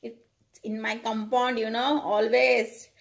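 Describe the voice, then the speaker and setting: A young Indian woman teaching small children, speaking slowly in a sing-song way and repeating words for them to echo. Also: on the high side, flat delivery, gravelly. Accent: Indian English. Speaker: pre-primary school teacher. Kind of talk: online lesson for small children.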